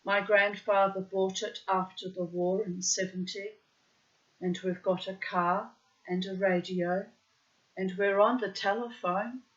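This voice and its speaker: A woman's voice: medium pitch, fairly even intonation, a little slow, lo-fi sound, close to an everyday voice. A woman reading the lines of an earnest young male German soldier, pleading in her own narrating voice.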